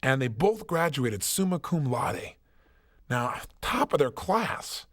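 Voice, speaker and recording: Motivational guy on stage, pitch all over the place, punchy storytelling, sits a bit high. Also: very animated, takes it slowly, fairly bright tone. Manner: emphatic storytelling, rhetorical questions. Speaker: motivational speaker. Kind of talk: motivational seminar talk.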